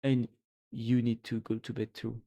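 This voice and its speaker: Slow, playful streamer with a French accent. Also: medium pitch, monotone, mellow. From France. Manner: playful, giggly, chatting with viewers. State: tired, late at night. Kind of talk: casual late-night live-stream chat.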